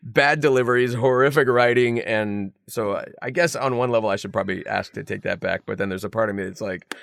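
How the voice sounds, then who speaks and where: A middle-aged male voice actor, appearing as a guest in a casual interview, tells animated, self-mocking stories full of fillers. His voice sits on the low side with vocal fry, and he talks briskly in a recording with no echo.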